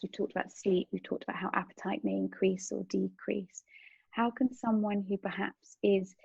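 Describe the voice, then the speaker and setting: A woman hosting a conversational interview, speaking in a halting, thoughtful way with frequent restarts. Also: mid-range voice, gravelly, darkish tone, slightly rough, no room sound, muffled recording. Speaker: podcast host.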